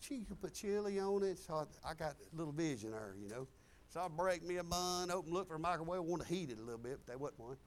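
A male pastor preaching a sermon, telling personal stories in an animated, exclamatory way. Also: a little high, fast. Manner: animated, exclamatory, chuckling storyteller.

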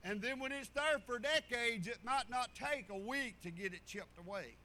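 A man's voice: very high-pitched, normal speed, sharp tone. A man preaching a sermon, folksy and storytelling, repeating phrases for emphasis. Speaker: pastor.

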